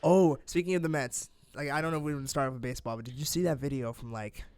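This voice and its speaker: A man's voice: mid-range voice, darkish tone, smooth. A young man co-hosting a podcast, asking questions and telling stories in casual chat. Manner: quick, inquisitive, storytelling. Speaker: podcast co-host.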